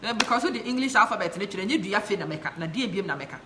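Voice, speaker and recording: A woman's voice: mid-range voice, expressive, fast, noisy background. A woman from Ghana with a Ghanaian accent, passionately hosting a live stream, chatting and reading out viewer comments while mixing English and Twi. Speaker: live show host.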